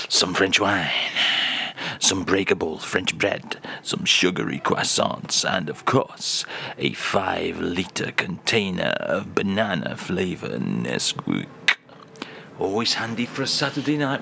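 A man hosting a comic radio segment, playful and teasing, with quick asides. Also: medium pitch, vocal fry, sharp tone, slight background noise. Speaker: radio host.

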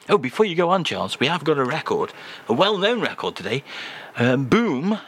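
A man hosting a comic radio segment, rambling in a mock-pompous, deadpan way. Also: on the high side, fairly quick, breathy edge. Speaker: radio comedy host.

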